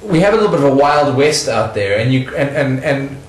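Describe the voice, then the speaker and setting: A middle-aged South African man telling stories in a casual interview, animated and laughing often. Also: mid-range voice, fairly quick, roomy sound, rough recording.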